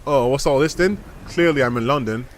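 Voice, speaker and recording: A man's voice: mid-range voice, brisk, slight background noise. A man streaming a game, chatting and joking while testing a mock British enunciation. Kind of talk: gaming livestream commentary.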